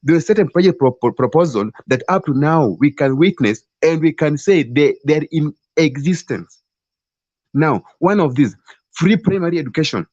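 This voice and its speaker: A man's voice: a little high, lively intonation, moderate pace, darkish tone, dry recording. A man with a Kenyan accent making a passionate political case in an online debate, often repeating and restarting his words. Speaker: debate participant. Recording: dull, lo-fi online call audio.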